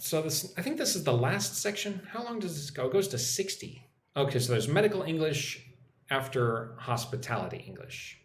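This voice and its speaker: A young American man teaching English on a live stream, chatting with viewers and repeating phrases slowly for practice. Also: fairly high pitch. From United States. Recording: echoey room with faint noise.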